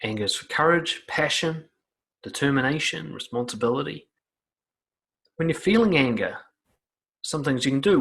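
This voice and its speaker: A man giving blunt, profane self-help advice straight to the listener. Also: medium pitch. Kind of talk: direct-to-camera advice talk.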